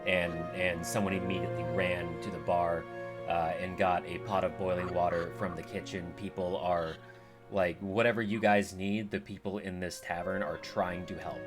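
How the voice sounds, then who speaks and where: Low-voiced man running a tabletop game. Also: moderate pace, music in the background. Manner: relaxed, joking, with many fillers. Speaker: game master.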